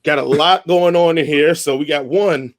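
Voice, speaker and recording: Man, thirties, podcast host, slightly raised pitch, easygoing. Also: moderate pace. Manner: laid-back, runs the segments, tells anecdotes. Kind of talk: casual chat.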